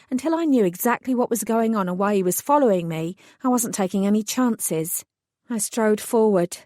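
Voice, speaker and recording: A woman's voice: medium pitch, darkish tone, dry recording. A woman narrating a first-person fantasy audiobook in a dry, composed way.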